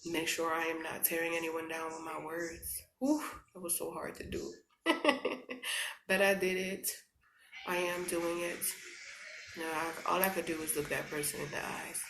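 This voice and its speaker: A woman talks to her viewers in a casual, earnest way, encouraging them and leaning on her faith. Her voice has a gravelly edge and a bright tone, and she fills her talk with you-knows and y'alls. The room sounds echoey. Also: deep voice, steady tone, normal speed, a little hiss or hum. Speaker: vlogger. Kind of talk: casual motivational talk to camera.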